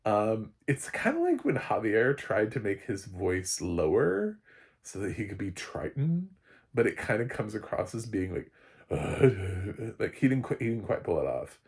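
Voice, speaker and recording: A man's voice: on the low side, very animated, unhurried, a little mellow, breathy edge. A man giving a casual spoken movie review, rambling, restarting sentences and chuckling often. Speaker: film reviewer.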